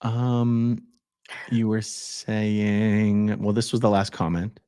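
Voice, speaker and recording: A man's voice: lowish voice, flat delivery, slow, warm tone, clean tone, no echo, studio quality. A man hosting a livestream, reading viewer comments aloud in a laid-back way, and chatting with his guest. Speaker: livestream host reading chat. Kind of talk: casual livestream chat.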